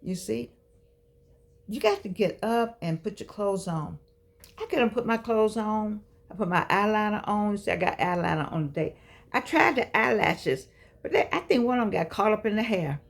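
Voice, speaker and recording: Sixties woman, slightly gravelly, talks straight to camera like a sermon among friends. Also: mid-range voice. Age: 60s. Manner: chatty, preachy, folksy and emphatic. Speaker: vlogger speaking to seniors. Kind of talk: casual motivational talk to camera.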